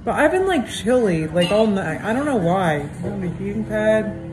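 A woman's voice: mid-range voice, very animated, normal speed, noisy background. A young woman vlogging at home in casual chat, frazzled and exasperated, talking to viewers through a handheld camera.

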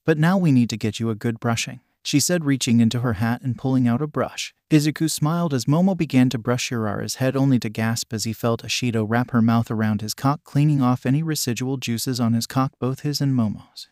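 Steady male storybook narrator, dry sound. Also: medium pitch, no echo. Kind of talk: storybook reading of fan fiction.

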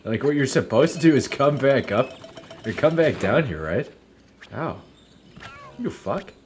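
Lively young man swearing through gameplay. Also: medium pitch, moderate pace, a little hiss or hum. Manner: swears freely, laughs often, muses aloud. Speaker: let's play streamer. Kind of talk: casual gameplay commentary.

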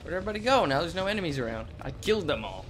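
A young man commentating his gameplay in a goofy, trash-talking way, shouting during fights. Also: on the high side, big pitch swings, racing, slight background noise. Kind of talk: let's play commentary. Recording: game music behind voice.

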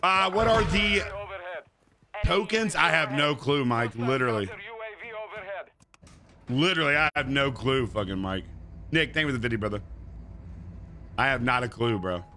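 A man streaming a game and chatting casually with viewers, crude and joking, sometimes breaking into loud high-pitched bits. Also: moderate pace, long pauses, a little hiss or hum. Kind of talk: casual live-stream banter.

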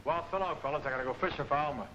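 An actor playing a cheerful, dim-witted boxer who rambles earnest slangy nonsense, in 1940s film comedy acting. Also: male voice, a little high, very fast, sharp tone, highs cut off, a little hiss or hum.

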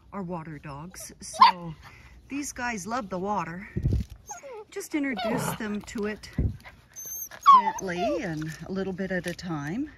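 A woman dog breeder outdoors at her kennel, cooing baby talk to her puppies in between telling viewers about them. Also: medium pitch. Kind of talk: casual outdoor video with puppies. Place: outdoors at a kennel on a hot day. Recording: loud background noise outdoors.

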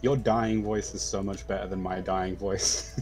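A young man chatting casually on a game stream, relaxed and teasing, with some swearing. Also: deep voice, measured pace, soft background music. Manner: laid-back, teasing, swears. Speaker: co-host friend. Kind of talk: casual chat.

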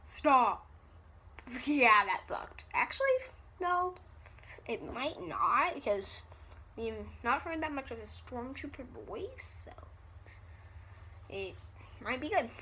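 Slow, breathy woman vlogging. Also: on the high side, very animated, bright, forceful tone. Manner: rambling, giggly, self-deprecating. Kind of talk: casual vlog chat.

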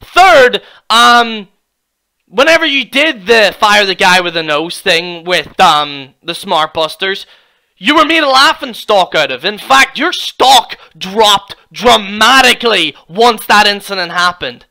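A man's voice: high-pitched, animated, takes it slowly, vocal fry, sharp tone. A man giving heated, mocking reaction commentary, swearing constantly as a YouTube commentator.

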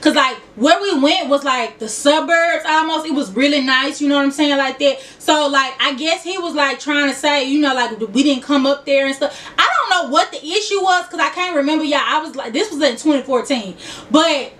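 A young woman with a Memphis accent and a high voice talks straight to her viewers in a loose, giggly way. She sits a little back from the mic, so the sound is slightly distant. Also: normal speed, a bit bright. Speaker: vlogger. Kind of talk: casual get-to-know-me chat.

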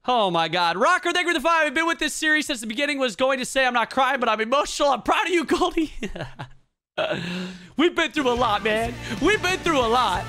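A man with a strikingly high, bright, forceful voice runs casual let's play commentary. He is excitable and swears freely as he talks to his chat. Soft music plays faintly behind him. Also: a little fast. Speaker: gaming channel host.

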